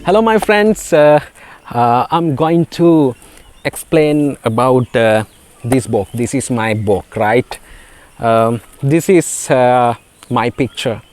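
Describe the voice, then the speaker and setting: A Sri Lankan man whose first language is Sinhala, teaching a beginner spoken English lesson in a halting way, with many fillers and repeated words. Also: mid-range voice, a little mellow.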